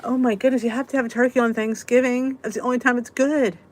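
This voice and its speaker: A woman's voice: on the high side, steady tone, quick pace, a little mellow. A woman hosting a casual live weight-loss chat, answering viewer comments in a chatty, giggly way. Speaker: weight-loss vlog host.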